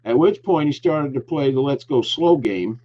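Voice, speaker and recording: A man's voice: medium pitch, lively intonation, moderate pace, a little hiss or hum. A man hosting a talk show, telling an angry story with lots of swearing and heat. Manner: profane, heated ranting storyteller. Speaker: podcast host. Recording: dull lo-fi recording.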